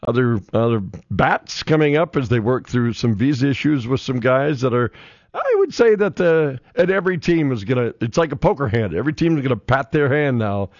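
A man's voice: medium pitch, expressive, fairly quick, no room sound. A middle-aged man, hosting sports radio and chatting loosely through scores with lots of "uh" fillers. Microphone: studio microphone. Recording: dull, dry studio radio sound.

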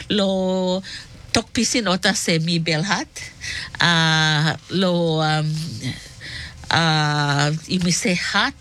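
A woman from the Solomon Islands with a Solomon Islands accent, presenting on radio in a casual, halting way, switching between English and Pidgin. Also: lowish voice, fairly bright tone. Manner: halting, code-switching, many fillers. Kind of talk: casual on-air explanation.

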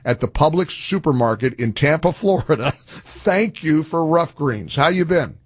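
A man's voice: a little high, lively intonation, a little slow, husky, dry recording, clean studio sound. A male radio talk show host making an earnest, pleading appeal, often restarting his sentences.

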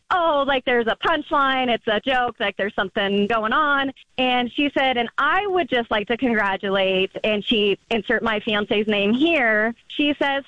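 A young woman calling in to a radio show, telling a story in a chatty, animated way and acting out the quotes. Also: a little high, no room sound. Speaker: caller. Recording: lo-fi phone line.

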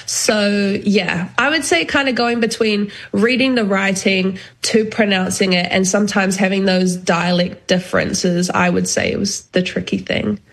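A young adult woman speaking as an interview guest in casual conversation. She is thoughtful and pauses often with ums. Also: mid-range voice, fairly even intonation.

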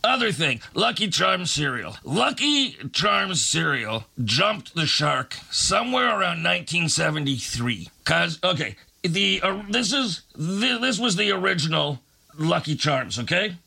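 A man's voice: high voice, very animated, measured pace, gravelly, bright, forceful tone, breathy edge. A man hosting a late-night radio show, delivering a sarcastic, ranting comic monologue.

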